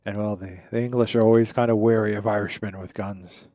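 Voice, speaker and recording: A man's voice: fairly low pitch, steady tone, a little fast, warm tone, no echo, studio quality. A man hosting a game stream in casual chat, telling jokes in a rambling, digressive way. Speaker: gaming streamer. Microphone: streaming microphone.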